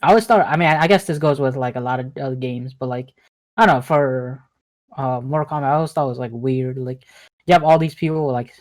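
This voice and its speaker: A man's voice: mid-range voice, fast. A young man co-hosting a gaming podcast in casual chat, drowsy and yawning, trailing off between thoughts. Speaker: podcast co-host.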